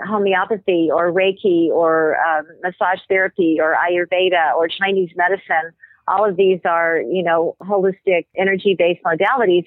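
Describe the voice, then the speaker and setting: A woman speaking as a guest medical anthropologist, explaining her ideas at length in an earnest, steady way, with an occasional um. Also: fairly low pitch, no echo. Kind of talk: explanatory interview talk. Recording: tinny phone-like line, dry.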